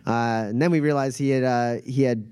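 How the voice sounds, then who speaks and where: A man's voice: medium pitch, fairly even intonation, fairly quick, warm tone, clear, resonant tone, dry recording, natural voice. A man voicing a tough, muscular alien biker woman who is blunt, guarded and streetwise, in a tabletop game.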